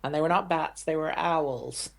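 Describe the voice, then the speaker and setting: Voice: medium pitch, moderate pace, gravelly. A podcast co-host giving short, laid-back replies in a casual movie chat.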